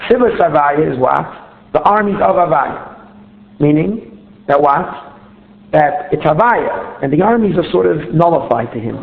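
A man's voice: a little high, animated, normal speed, creaky. A man teaching a religious text step by step, often asking himself questions and repeating words as he searches for the next one. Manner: explains step by step, asks himself rhetorical questions. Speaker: Torah teacher. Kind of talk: text study lecture. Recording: tinny phone-line sound in a roomy space.

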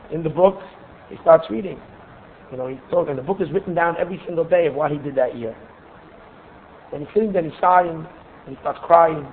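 Male religious teacher, storytelling lesson, halting delivery with repeated words, slightly high voice, lo-fi phone-like sound. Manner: halting, repeats words while searching for phrasing. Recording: tinny phone-like recording, faint hiss.

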